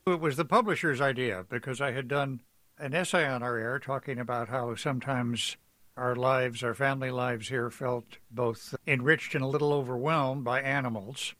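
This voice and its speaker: A man's voice: mid-range voice, steady tone, normal speed, fairly bright tone, no echo. A man being interviewed on the radio as an author, telling stories in a reflective, anecdotal way. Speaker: author guest.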